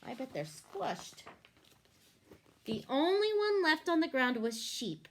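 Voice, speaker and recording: Woman storyteller, picture-book read-aloud for children, animated and high. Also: slow pace. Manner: animated, asks the listeners questions.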